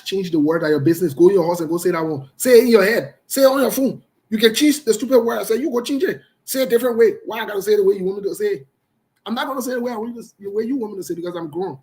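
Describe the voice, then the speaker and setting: A man's voice: sits high, darkish tone. A man, hosting live online political commentary in a combative, scolding and emphatic way, speaking straight to his viewers.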